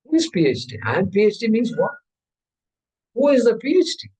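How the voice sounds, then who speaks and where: A man's voice: high-pitched, a little fast, breathy edge, poor audio. A man giving a spiritual discourse as teacher, asking his listeners question after question. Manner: questioning, animated. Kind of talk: Vedanta discourse.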